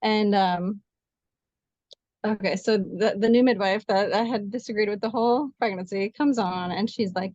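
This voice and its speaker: A woman nurse telling the story of a difficult birth as an interview guest, animated and quick, acting out what others said to her. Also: medium pitch, no echo, muffled recording. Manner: fast, animated retelling with quoted dialogue. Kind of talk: emotional personal storytelling.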